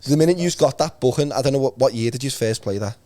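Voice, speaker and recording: A man's voice: mid-range voice, quick pace, dark tone. A man hosting a podcast, chatting casually with guests in a teasing way, laughing often. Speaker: podcast host.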